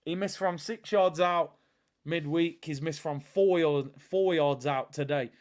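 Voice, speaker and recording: Guy doing a footy watchalong, chatty and upbeat, slightly higher voice, big ups to the chat. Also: a little slow. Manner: chatty, upbeat, shouting out viewers. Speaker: football watchalong host. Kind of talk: live football chat reading viewer comments.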